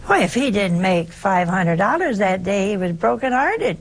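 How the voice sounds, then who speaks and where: A woman's voice: mid-range voice, big pitch swings, normal speed. An older woman giving a conversational sermon, emphatic and full of rhetorical questions. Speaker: preacher.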